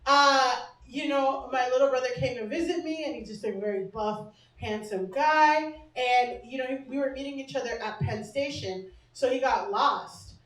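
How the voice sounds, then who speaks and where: Brash high-voiced woman doing stand-up. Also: normal speed. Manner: brash, self-mocking, swears freely, laughs often. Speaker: stand-up comedian and host. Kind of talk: stand-up comedy set. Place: small comedy bar stage. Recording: echoey club, mic heard from a distance.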